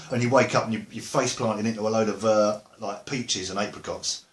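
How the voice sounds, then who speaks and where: A man's voice: fairly low pitch, fairly even intonation, normal speed, fairly bright tone, roomy sound. A man with an Essex accent, a musician chatting casually to camera, rambling and joking with lots of fillers and asides. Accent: Essex English. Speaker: musician vlogger.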